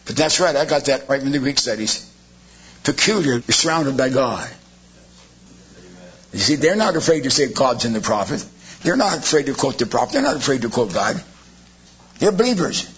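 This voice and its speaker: A man's voice: mid-range voice, lively intonation, moderate pace, long pauses, a bit bright, husky. A man preaching a sermon, firing off rhetorical questions with sarcastic asides. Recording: dull lo-fi sermon recording.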